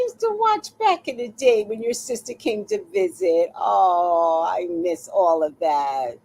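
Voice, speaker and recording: A woman in her sixties, hosting a live stream, chats casually and tells animated stories with laughter and casual swearing. Her fairly low voice is unhurried, with few pauses. The audio quality is poor.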